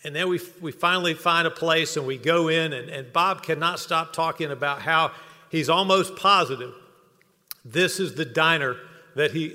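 Man, tribute speech, bright voice, slightly high, long hall reverb. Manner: humorous storytelling, builds to earnest close. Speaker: speaker at hall of fame induction. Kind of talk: ceremony tribute speech with anecdotes.

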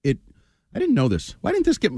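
Male sports talk co-host, blunt and scornful, animated pitch swings, dry studio mic. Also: a little fast, dry recording. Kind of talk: sports talk radio banter.

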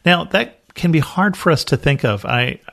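A man's voice: fairly high pitch, animated, normal speed, creaky, a bit bright. A man from the United States teaching a Bible study podcast, reading scripture aloud and then explaining it earnestly.

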